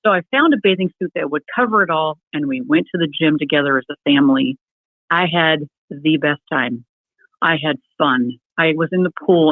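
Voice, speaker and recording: A middle-aged woman, a guest in an interview, telling her personal story in a lively way and acting out the people she quotes. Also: sits low, dry recording. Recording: tinny phone-like remote call, dry.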